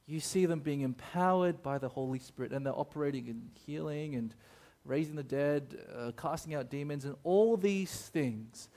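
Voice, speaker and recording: A man's voice: fairly high pitch, moderate pace, mellow. A man preaching a sermon in a conversational way. He often checks in with the audience and tells a personal story with plenty of fillers and restarts. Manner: many fillers and restarts when telling stories.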